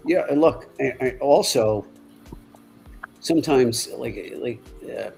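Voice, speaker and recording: A middle-aged man, telling stories in a halting, rambling way in casual chat. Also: mid-range voice, gravelly, darkish tone, low-quality recording. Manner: rambling, halting storyteller with many restarts. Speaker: livestream co-host.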